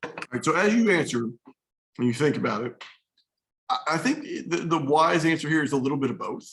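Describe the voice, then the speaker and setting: A man's voice: fairly high pitch, lively intonation, brisk, a bit bright, poor audio. A man teaching a history class in a casual, storytelling way, talking straight to his students. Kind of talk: classroom lecture.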